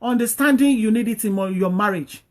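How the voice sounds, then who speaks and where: A woman's voice: mid-range voice, brisk, a little mellow. A woman hosting a talk, giving earnest, repetitive marriage advice and exhorting her listeners.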